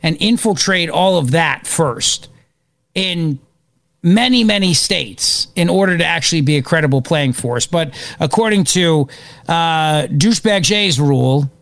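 A man hosting live political talk radio, excitable and opinionated, rambling as he reacts to events. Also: a little high, a little slow, dry recording. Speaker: radio talk show host.

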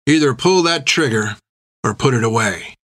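A man voicing a loyal, blunt sailor who speaks in rough, plain slang with a firm tone. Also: medium pitch, expressive, moderate pace, a bit bright. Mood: firm, defiant. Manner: rough colloquial speech, firm.

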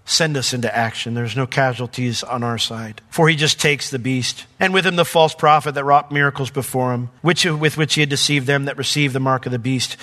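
A male pastor preaching a sermon, conversational and emphatic, swinging from raised exclamations to quiet, intense passages. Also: mid-range voice. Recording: long hall reverb.

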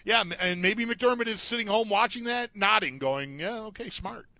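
A man's voice: high voice, expressive, normal speed, bright, forceful tone, no echo. A man co-hosting a sports talk show, chatting casually, often restarting and trailing off as he acts out what players might say. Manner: hesitant, trailing off, acts out quotes. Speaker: sports podcast co-host.

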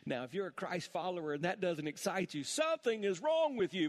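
A man's voice: high-pitched, animated, fairly quick, few pauses. A middle-aged man preaching a sermon, telling a family story and building to impassioned preaching. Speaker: pastor. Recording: long church hall reverb.

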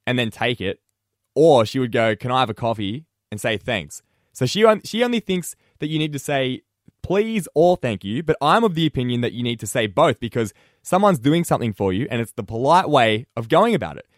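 A man's voice: mid-range voice, big pitch swings, brisk, dry recording, clean studio sound. A young Australian man hosting a breakfast radio show, chatting casually with lots of fillers and restarts. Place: radio studio.

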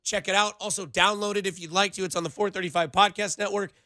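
A young man hosting a sports radio show in a studio, talking in an animated, rambling way full of playful comparisons. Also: high voice, fast talker, no echo. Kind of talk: casual sports radio banter.

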